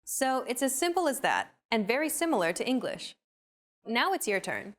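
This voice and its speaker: A woman narrating a scripted language lesson in a clear, upbeat, explaining manner. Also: fairly high pitch, sing-song, moderate pace.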